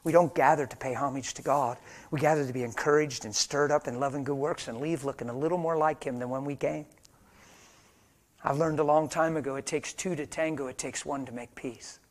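A middle-aged man preaching a sermon in a church, moving between quiet, hushed storytelling and loud, fervent exhortation. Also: medium pitch, fairly even intonation, fairly quick.

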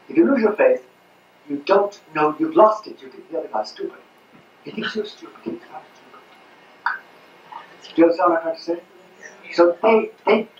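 A man's voice: fairly high pitch, a little hiss or hum. An older man giving an impassioned talk to an audience, emphatic, repeating words and asking rhetorical questions. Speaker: speaker at a public talk. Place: hall at a 1992 public talk. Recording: roomy, distant, muffled old audience recording.

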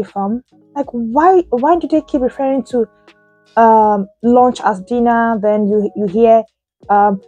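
A young woman with a Nigerian accent vlogs in a casual, exasperated storytelling way, throwing out rhetorical questions. Her voice is mellow and slightly husky. Soft music plays faintly behind her. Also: medium pitch. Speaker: vlogger. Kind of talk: casual chat to camera.

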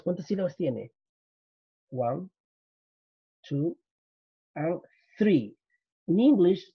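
A man with a Spanish accent and a fairly high, slightly rough voice teaches an English grammar lesson, explaining slowly, repeating points and switching into Spanish for his students. The recording is dull and lo-fi, with no echo.

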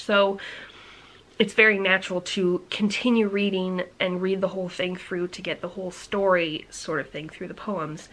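Chatty, quick-talking woman vlogger. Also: mid-range voice, a little hiss or hum, rough recording. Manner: quick, energetic and chatty, with playful rhetorical questions. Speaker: book vlogger. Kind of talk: casual vlog chat to camera.

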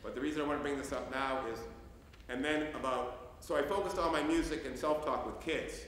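A man giving a humorous storytelling talk as a youth care trainer, animated and jokey. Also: mid-range voice, a little fast. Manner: animated, jokey, breaks into singing. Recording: echoey hall, mic from far off.

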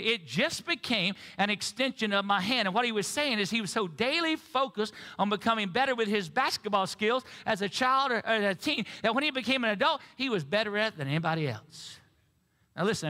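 A man's voice: high-pitched, bright, forceful tone. A male pastor preaching a sermon and getting the congregation to repeat phrases back. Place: church sanctuary. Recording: reverberant church sanctuary.

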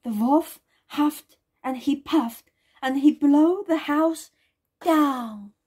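A woman reading a children's storybook aloud in a gentle way, with small slips and restarts. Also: high-pitched, takes it slowly.

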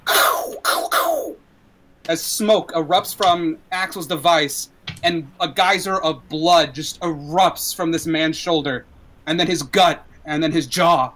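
A man running a tabletop game as dungeon master, telling the story in a relaxed way with fillers. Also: on the high side, measured pace, poor audio.

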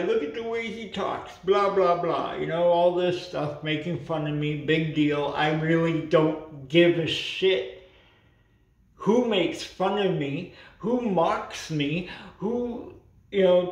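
A Canadian vlogger with a high voice rants defiantly to camera, speaking a bit unclearly because he has no teeth and scattering "you know" and "right" through his talk. The mic is distant, leaving his voice roomy and echoey.

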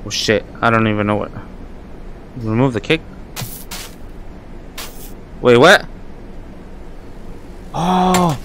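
A man's voice: lowish voice, unhurried, long pauses, fairly bright tone. A young man giving casual gameplay commentary, jittery and swearing, laughing nervously. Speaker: gaming YouTuber.

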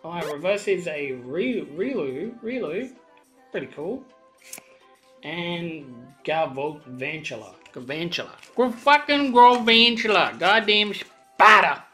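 A woman's voice: on the low side, slow pace, faint music behind. A young woman hosting her channel, chatting casually and swearing often as she opens card packs for viewers. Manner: excitable, swears a lot, chatty asides to viewers. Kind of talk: casual pack-opening commentary.

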